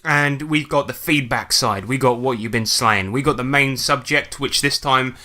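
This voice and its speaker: Bright-voiced man hosting casually. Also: mid-range voice, moderate pace. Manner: joking, rambling with fillers. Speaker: podcast host. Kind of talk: casual podcast chat.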